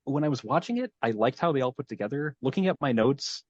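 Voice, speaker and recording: A man's voice: medium pitch, lively intonation, quick pace, breathy edge, muffled recording. A man hosting a podcast, recapping a show in meandering, casual talk as he thinks aloud. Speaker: podcast host. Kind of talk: casual chat, episode recap.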